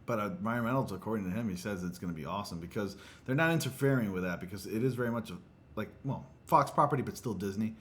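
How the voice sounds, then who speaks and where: A man hosting a casual livestream chat on a studio condenser mic, animated and laughing often. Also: on the low side, fast, a little hiss or hum. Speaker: livestream host.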